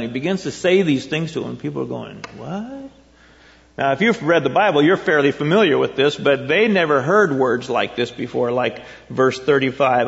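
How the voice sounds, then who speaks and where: Gravelly-voiced male pastor preaching. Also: mid-range voice. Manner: rambling, rhetorical questions, reads scripture aloud. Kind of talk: conversational sermon. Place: church sanctuary. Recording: dull, echoey church recording.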